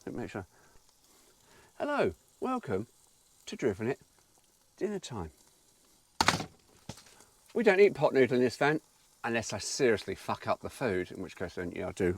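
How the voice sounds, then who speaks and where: Sweary, excitable man. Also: fairly low pitch, brisk, background noise. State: tired. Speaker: vlogger cooking in a campervan. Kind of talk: casual chat to camera. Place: inside a campervan. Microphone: camera mic.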